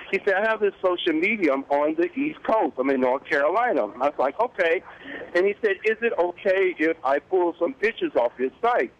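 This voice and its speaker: A man in his fifties, a guest on a morning talk show, telling a story in an animated way and acting out the voices of the people in it. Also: on the high side, fairly quick, highs cut off. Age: 50s. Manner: animated, acts out quoted dialogue. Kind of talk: casual interview storytelling.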